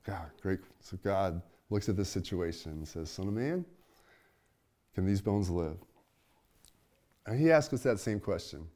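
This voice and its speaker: A man's voice: deep voice, sing-song, moderate pace, pauses often. Conversational man preaching a sermon. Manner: conversational, swings from loud to hushed. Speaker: pastor.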